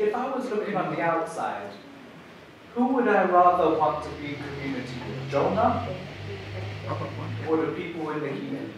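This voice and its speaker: High-voiced male pastor, animated storytelling sermon, heard from afar in a very echoey church hall. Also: far from the mic. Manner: animated storytelling, repeats words when building a point.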